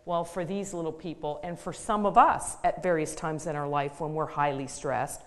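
A middle-aged woman gives a conversational public lecture in a low voice. She explains things practically, with the odd filler and restart. Her voice rings out with a long reverb, as if through a mic in a large hall. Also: steady tone, normal speed. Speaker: occupational therapist giving a public talk.

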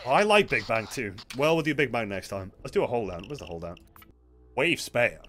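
A man streaming a co-op shooter game, commentating live with excitable outbursts, swearing and yelling at teammates. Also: medium pitch, fairly quick. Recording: game music and gunfire behind. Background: game music and gunfire.

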